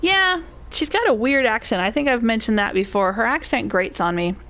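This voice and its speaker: A woman's voice: fairly high pitch, animated, moderate pace, a bit bright. An older woman giving rambling, casual commentary while streaming a game and greeting chat viewers. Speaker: gaming streamer. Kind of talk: casual live gameplay commentary.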